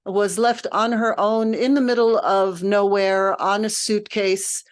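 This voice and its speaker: Woman, music director, informal lecture, thoughtful, patient, word-searching, medium pitch. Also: steady tone, measured pace, clean tone. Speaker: music director leading a text study.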